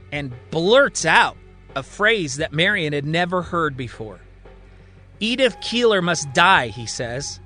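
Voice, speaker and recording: A man narrating a fiction story and voicing its characters in an animated way. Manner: animated, voices characters with raised pitch. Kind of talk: storytelling narration with voiced dialogue.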